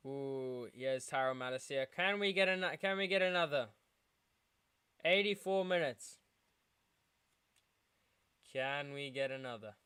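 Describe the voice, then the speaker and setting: A tired young man from South Africa giving excitable live commentary while streaming a football match as a fan. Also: mid-range voice, a little slow, pauses often, clean tone. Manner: excitable fan, shouting at big moments, chanting. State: tired, yawning. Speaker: watchalong streamer.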